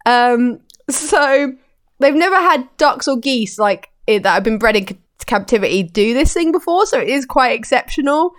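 A woman's voice: high-pitched, expressive, normal speed, a bit bright. A woman co-hosting a casual podcast, chatty and giggly as she reads out odd news stories. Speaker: podcast co-host.

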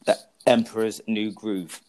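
Male podcast co-host, lowish voice, cheeky and crude, rambling storyteller. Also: flat delivery, measured pace, a little mellow. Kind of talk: casual banter about films.

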